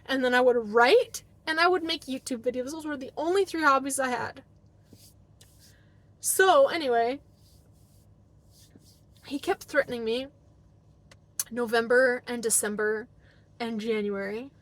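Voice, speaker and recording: A woman's voice: high voice, measured pace, pauses often. A young woman vlogger telling her own story in a casual, emotional way, acting out past arguments and saying "like" a lot. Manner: emotional, re-enacts past arguments, heavy use of "like".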